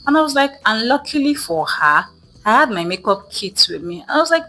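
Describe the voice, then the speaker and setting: Bright-voiced chatty young woman vlogger. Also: a little high, big pitch swings, brisk, soft background music, low-quality recording. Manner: chatty, many fillers, acts out quoted dialogue. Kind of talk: storytime vlog.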